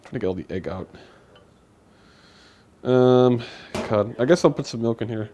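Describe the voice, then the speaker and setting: A man's voice: medium pitch, normal speed, mellow, highs cut off, a little hiss or hum. A man co-hosting a live stream from a home kitchen, chatting casually while he cooks and thanks viewers for donations. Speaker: streamer co-host.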